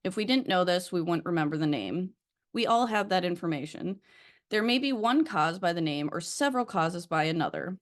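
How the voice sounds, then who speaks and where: Young woman, bit stuffed up and breathless, lowish voice, reads passages aloud with lots of ums. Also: lively intonation. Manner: reads aloud haltingly with many fillers. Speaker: recovery study leader. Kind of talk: casual recorded study session.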